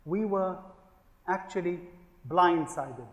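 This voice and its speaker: A man with a slightly high-pitched voice tells stories on stage and drives his points home with rhetorical questions. He sounds like he is speaking into a stage microphone in a large hall. The hall is roomy and echoes with a long reverb. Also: takes it slowly. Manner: storytelling, emphatic, with rhetorical questions. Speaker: event host and speaker. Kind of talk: stage talk to an audience. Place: large hall at a live event.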